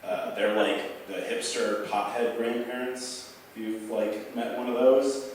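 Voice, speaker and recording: A man's voice: mid-range voice, fairly even intonation, measured pace, slight background noise. A young man telling a rambling, profane stand-up story at a bar open mic, packed with fillers. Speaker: stand-up comic. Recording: echoey bar room heard from far off.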